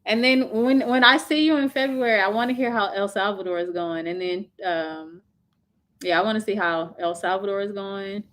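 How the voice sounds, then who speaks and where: A woman livestreaming casually from home talks at a moderate pace in a medium-pitched, slightly bright voice. She reads comments aloud and reacts to viewers sympathetically, her speech loose and full of fillers.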